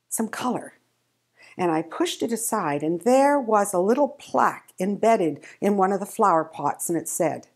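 Older woman, warm earnest devotional speaker, gentle measured delivery, mid pitch. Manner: gentle, earnest, slows for emphasis. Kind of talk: personal devotional testimony.

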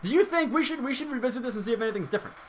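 A man co-hosting a let's play, chatting and reacting excitedly with lots of swearing. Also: extremely high pitch, rapid-fire, faint music behind. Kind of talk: casual gaming commentary.

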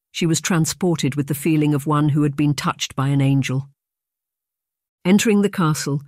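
An audiobook narrator reading a historical romance in steady, measured scripted narration. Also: medium pitch, dry recording, clean studio sound.

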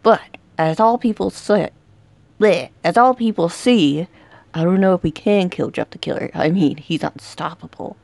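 A young woman commenting on a horror game she is playing, dramatic, shouting and taunting the villain as she goes. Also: fairly low pitch, normal speed, vocal fry, no echo. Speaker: gaming youtuber. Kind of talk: excited let's-play commentary.

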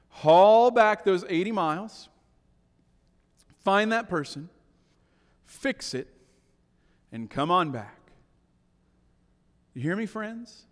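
High-voiced pastor preaching in a reverberant church. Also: male voice. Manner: swings between hushed asides and emphatic raised lines, keeps asking "right?". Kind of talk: sermon. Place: church sanctuary.

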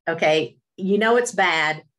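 A middle-aged radio host from Virginia shares her personal testimony on a webinar video call, speaking with an Appalachian Southern accent. She brings self-deprecating humor and talk of her faith, in an unhurried, fairly low voice with a bit of brightness.

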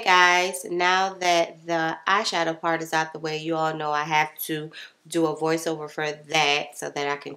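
Low-voiced congested woman chatting makeup. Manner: chatty, relaxed, addresses viewers as y'all. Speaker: beauty vlogger. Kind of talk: casual makeup tutorial voiceover.

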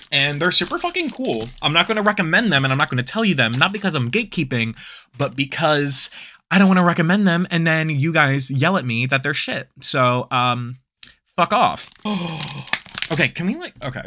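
A man who makes art, unboxing enamel pins for his shop in a casual vlog. He talks in a campy, sassy way, swears constantly and squeals with excitement. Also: fairly high pitch, background noise.

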